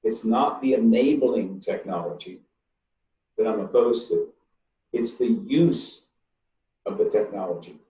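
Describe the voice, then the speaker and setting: A man's voice: on the low side, warm tone, roomy sound, highs cut off. Older man, emphatic, distant call audio. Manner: emphatic and blunt, stresses words slowly. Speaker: engineering professor answering webinar questions. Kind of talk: online webinar Q&A. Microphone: computer mic on a video call.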